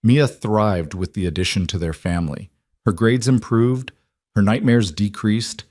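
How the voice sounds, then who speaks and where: Brief: calm male storyteller, low voice, close and dry sound. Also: unhurried, dry recording. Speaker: narrator. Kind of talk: scripted story narration.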